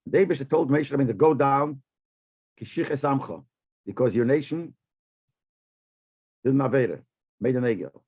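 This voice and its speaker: A man's voice: mid-range voice, normal speed, pauses often, husky, narrow, tinny audio. A man, a rabbi, teaching a lesson on a commentary, mixing Hebrew and Yiddish terms into his English and often restarting his phrases as he explains.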